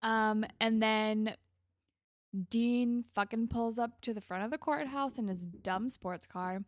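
A woman's voice: a little high, fairly even intonation, slow pace, dry recording, clean studio sound. A woman co-hosting a podcast, recapping a TV episode in casual, chatty talk full of "like" and the odd laugh and swear word. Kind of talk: casual chat.

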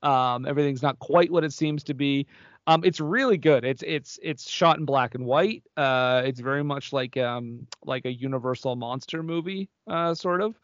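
A man's voice: mid-range voice, normal speed, dry recording, highs cut off. A man co-hosting a podcast in casual chat, full of fillers, joking and blunt. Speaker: podcast co-host.

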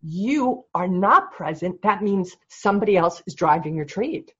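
A coach speaking calmly and reflectively, guiding the other person with gentle prompts. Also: medium pitch, a little slow, husky, dull audio.

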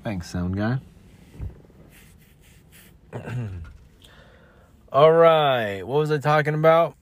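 A man's voice: a little high, animated, very slow. A man hosting his own podcast in a loose, rambling monologue from a makeshift home vocal booth. He sounds tired after a long work shift, loses his train of thought and keeps repeating himself. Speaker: podcast host.

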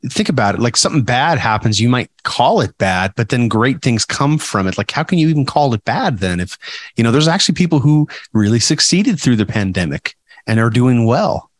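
A man's voice: medium pitch, sing-song, a little fast, dry recording. A man co-hosting a podcast, chatting casually and rambling with many restarts. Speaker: podcast co-host. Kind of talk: casual chat.

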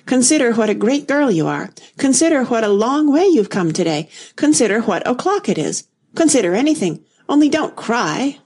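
A woman voicing a flustered, scatterbrained old queen who frets and wrings her hands, her voice rising toward a squeak. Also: expressive, normal speed. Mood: fretful. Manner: fussy, fretful, rising to a squeak.

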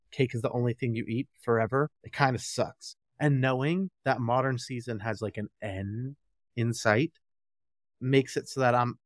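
A man's voice: mid-range voice, no echo. A man co-hosting a podcast in casual chat, a joking, rambling storyteller on a close mic. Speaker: podcast co-host.

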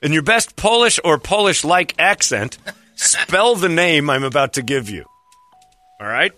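A man's voice: a little high, lively intonation, a little slow, sharp tone, no echo, soft background music. A man hosting a quiz game on a radio show, joking and teasing the players and laughing often. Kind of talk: casual radio banter.

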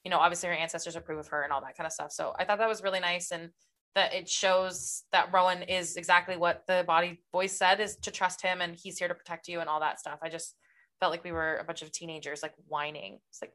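A woman's voice: fairly low pitch, little pitch movement, fast, fairly bright tone. A young woman co-hosting a book podcast, chatting casually and acting out characters' lines as she retells scenes. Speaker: podcast co-host.

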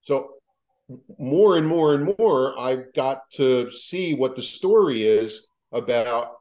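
A man, a psychologist, telling a story as a podcast guest in a lively way, quoting people and restarting his sentences. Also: medium pitch, takes it slowly, rough recording.

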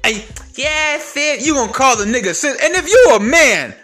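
A man's voice: very high-pitched, expressive, normal speed, bright, forceful tone, soft background music. A man giving a blunt, profane, heated ranting monologue as an online commentator.

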